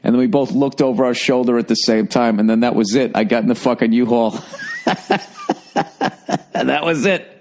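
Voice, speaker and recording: A man's voice: medium pitch, little pitch movement, fast, hardly any pauses, dark tone, a little hiss or hum. A man in his forties, a comedian hosting his podcast, telling a rambling, profane story in a sarcastic, casual monologue. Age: 40s.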